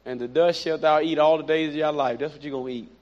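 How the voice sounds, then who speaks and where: A man preaching a sermon, animated and repetitive, with playful asides. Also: fairly high pitch, fast. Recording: dull lo-fi recording.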